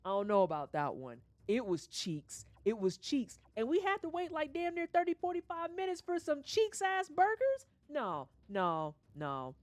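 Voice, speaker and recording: Animated, profane woman ranting. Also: high voice, unhurried, hardly any pauses. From St. Louis, USA. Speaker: livestreamer. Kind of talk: casual rant on a gaming stream.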